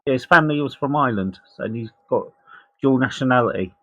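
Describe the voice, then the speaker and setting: A man's voice: medium pitch, fairly quick, bright, forceful tone, dull audio. A man on a casual online panel, speaking in a matter-of-fact way.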